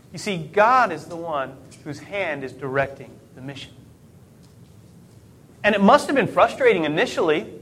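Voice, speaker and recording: A man's voice: fairly high pitch, animated, normal speed, a bit bright, slightly rough. A middle-aged man preaching a sermon in a conversational way, asking rhetorical questions and correcting himself mid-sentence. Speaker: pastor.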